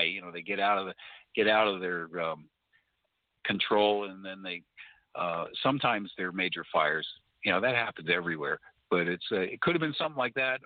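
A man chatting as a guest on a talk show, talking haltingly with many restarts. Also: lowish voice, no echo. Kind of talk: casual talk-radio conversation. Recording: tinny phone-like line, dry.

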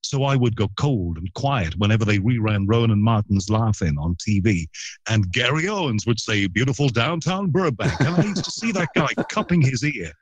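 A man's voice: on the low side, lively intonation, moderate pace, dry recording. A middle-aged man from Liverpool with a Liverpool accent, telling stories in a casual radio interview with self-deprecating humor. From Liverpool, England. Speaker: radio broadcaster guest.

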